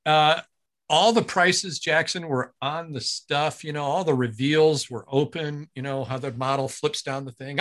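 A man from Ohio, a guest who works as a voice announcer, telling a story with lively energy and acting out other people's lines. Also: fairly high pitch, measured pace. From Ohio, USA. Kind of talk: animated storytelling in casual chat.

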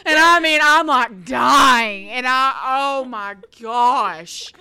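Bright-voiced woman telling stories. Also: high-pitched, slow, clean tone. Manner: animated, laughing storyteller who builds to loud peaks. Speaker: podcast co-host. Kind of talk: casual storytelling chat.

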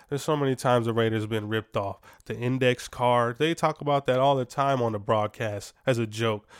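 A man's voice: mid-range voice, steady tone, normal speed, clear, resonant tone, no echo, clean studio sound. A man hosting a sports podcast, giving casual, opinionated takes with lots of fillers and restarts.

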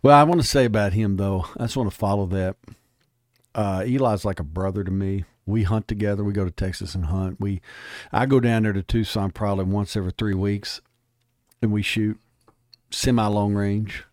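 Emphatic low-voiced man telling stories. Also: fairly even intonation, normal speed, darkish tone, dry recording, clean studio sound. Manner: emphatic, storytelling, plainspoken. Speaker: guest. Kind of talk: casual interview talk.

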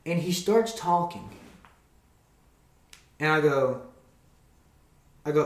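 A young man co-hosting a podcast, telling stories in a playful, animated way. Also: a little high, slow, long pauses. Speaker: podcast co-host. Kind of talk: casual chat. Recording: roomy echo.

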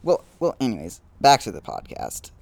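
A young man hosting a casual solo podcast outdoors, rambling and self-deprecating, with frequent halting restarts. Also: fairly low pitch, huge pitch swings, vocal fry, no echo. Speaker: podcast host.

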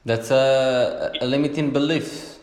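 A man's voice: medium pitch, steady tone, measured pace, a little mellow. A man interviewing a guest in a casual, filler-heavy way, responding as he listens. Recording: echoey room with long reverb.

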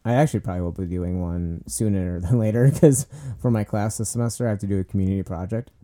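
Young man, co-host; very deep and dark, rambling and filler-heavy. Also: fast talker. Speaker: podcast co-host, nursing student. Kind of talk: casual chat.

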